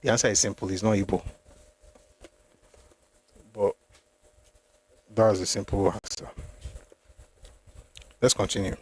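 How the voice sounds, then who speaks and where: A man's voice: on the low side, fairly even intonation, a little mellow, breathy edge. A man reading from a memoir aloud for a history channel, stopping now and then to comment and reread a passage. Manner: reads steadily, pauses to comment and reread.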